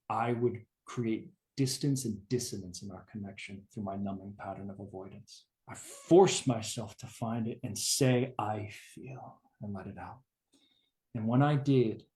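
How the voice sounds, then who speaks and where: A man's voice: fairly low pitch, a little mellow. A man teaching about relationships in an earnest, emphatic way, sharing his own story and swearing casually. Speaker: relationship coach. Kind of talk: personal teaching talk.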